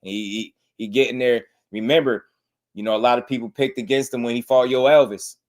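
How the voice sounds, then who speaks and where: A man's voice: medium pitch, fairly even intonation, a little fast. A man, hosting a casual boxing livestream and chatting loosely with his viewers. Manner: loose and talkative, slangy.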